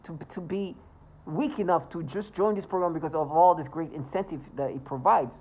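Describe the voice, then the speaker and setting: A man's voice: on the high side, moderate pace, a little mellow, slightly rough, poor audio. A man ranting indignantly in a vlog monologue, swearing as he talks. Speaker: vlogger.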